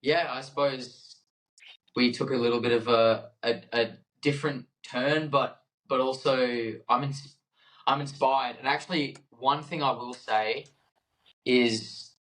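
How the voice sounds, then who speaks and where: A man's voice: mid-range voice, fairly even intonation, measured pace, a bit bright, poor audio. A young man co-hosting a podcast, speaking casually and hesitantly, with lots of fillers and easy laughter. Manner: hesitant, many fillers and restarts, laughs easily. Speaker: podcast co-host. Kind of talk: casual chat.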